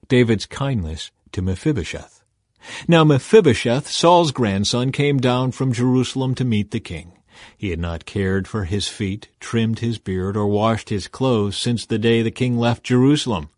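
A man reading scripture aloud in a measured way, slowing down to stress key words. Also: lowish voice, expressive, a little mellow, no room sound, studio quality. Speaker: scripture reader.

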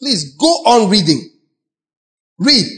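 A man with a Nigerian English accent preaching a sermon as pastor, animated, acting out voices with sudden shouts. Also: high voice, takes it slowly.

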